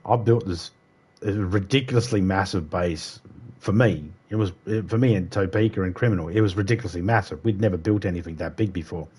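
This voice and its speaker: Low-voiced swearing Australian streamer. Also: male voice, darkish tone, slightly rough. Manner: rambling, swears freely. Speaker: game streamer. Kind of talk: casual livestream chat.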